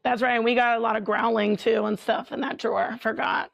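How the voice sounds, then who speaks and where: A woman with a fairly high voice, a paranormal investigator guest telling a story. She talks casually and animatedly, with plenty of filler words. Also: little pitch movement, a little fast, gravelly.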